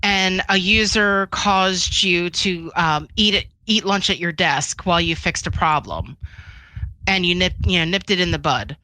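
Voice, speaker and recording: A woman speaks in an interview about her work in security, chatty and full of fillers, often backing up to rephrase. Her voice is bright and a little sharp. The recording is dry and close, with no room around it. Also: lowish voice, a little slow, no room sound, rough recording. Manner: chatty, frequent fillers and restarts, laughs between points. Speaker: cybersecurity expert guest. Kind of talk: casual interview storytelling.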